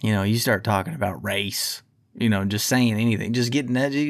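A man holds forth on his own podcast, swearing freely and pushing back hard in a heated, combative rant. His voice sits at an ordinary middle pitch. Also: fast talker. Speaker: podcast host. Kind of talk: ranting podcast monologue.

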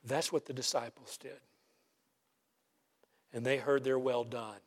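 A man's voice: mid-range voice, fairly even intonation, unhurried, slightly rough. A man preaching an emphatic sermon as pastor, ending by leading a prayer. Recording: long reverb of a large hall.

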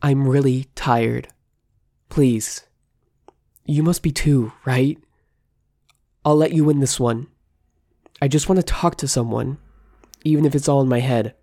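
A tired, desperate clone pleads softly for a truce, voiced by a woman reading the story. The voice is gravelly and mellow, set in a dry, close recording. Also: extremely low pitch, fairly even intonation, unhurried, long pauses, no room sound, exaggerated voice. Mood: pleading. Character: weary, desperate female clone of the narrator.

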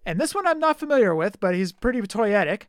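A man's voice: sits high, very animated, fast, a bit bright, no echo, clean studio sound. A man co-hosting a podcast, chatting casually and teasingly about collectible figure news. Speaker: podcast co-host.

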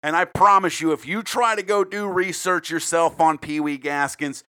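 A man from South Carolina hosting a casual true-crime podcast, profane and rambling with quick jokes. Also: fairly high pitch, sharp tone, smooth. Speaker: podcast host.

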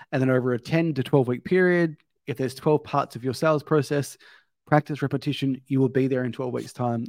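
A man's voice: medium pitch, a little mellow, no room sound, clean studio sound. A man hosting a podcast, summarizing his guest's points step by step. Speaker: podcast host. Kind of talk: interview recap and questions.

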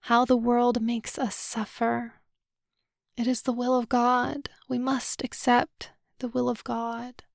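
A grieving older rabbi, read by a woman, lamenting in a slow, hushed half-whisper. The voice stays flat and heavy, with a gravelly texture. Dry and close in a storybook reading. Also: a little high, no room sound.

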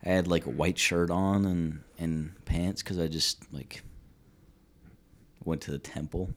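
A man's voice: sits low, fairly even intonation, measured pace. A young man co-hosting a podcast, telling laid-back, profane anecdotes in casual chat. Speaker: podcast co-host.

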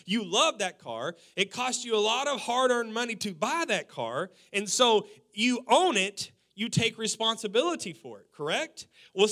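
A man in his forties delivers a sermon as a pastor, high in pitch and ringing with a bright edge. He preaches in an animated way, acting out quotes in little voices and chuckling at his own points. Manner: animated preaching, quoting people in acted voices, laughing.

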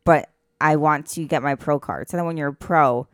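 Woman, Long Island accent, deep for a woman, casual guest talk, dry sound. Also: normal speed, dry recording. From Long Island, New York. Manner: explanatory, peppered with "like". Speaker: podcast guest. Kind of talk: casual chat.

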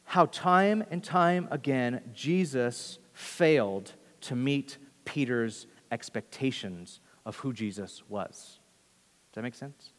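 A man's voice: mid-range voice, slow. A man preaching a sermon earnestly, often repeating phrases and restarting sentences. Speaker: pastor. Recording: long hall reverb.

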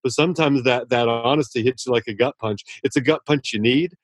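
A man's voice: medium pitch, a little fast, no room sound. Male author guest, earnest and effusive, restarts a lot, dry recording. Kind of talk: casual interview talk.

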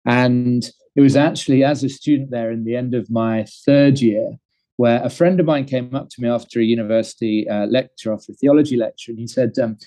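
A man's voice: medium pitch, warm tone, dry recording, rough recording. A man in his thirties with an English accent, telling a long personal story in an interview, with many fillers and restarts. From England. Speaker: guest. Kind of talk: conversational storytelling.

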